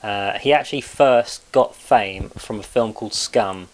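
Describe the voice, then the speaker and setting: A man's voice: lowish voice, measured pace. A man hosting a casual video, chatting loosely with frequent fillers and swearing. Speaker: video host. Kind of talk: casual narrated video commentary.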